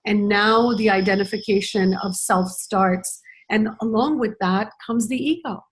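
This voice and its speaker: A woman's voice: mid-range voice, a little slow. A middle-aged woman speaking as a parenting educator in a conversational conference talk, reflective and earnest, with many "you know" fillers.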